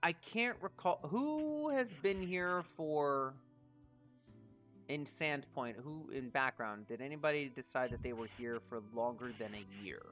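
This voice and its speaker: Bright-voiced man running a tabletop game. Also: mid-range voice, unhurried, faint music behind. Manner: hesitant narration with frequent ums. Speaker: game master.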